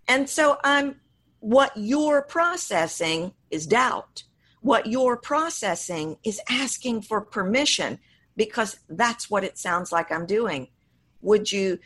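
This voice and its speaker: A woman's voice: a little high, fairly bright tone. A woman voice coach, a guest in an interview, explaining her work and acting out examples mid-sentence.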